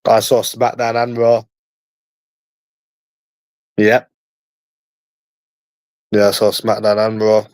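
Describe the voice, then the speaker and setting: A man's voice: on the low side, little pitch movement, slow pace, long pauses, darkish tone, clean tone, dry recording. A man with a London accent in casual chat, teasing and slangy, repeating himself often. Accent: London English.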